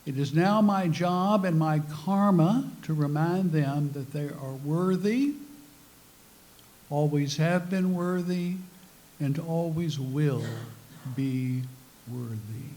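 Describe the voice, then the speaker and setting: A man's voice: on the high side, takes it slowly, darkish tone. An older man, a former priest, giving a talk to a spiritual group, telling personal stories with self-mocking humor. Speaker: speaker.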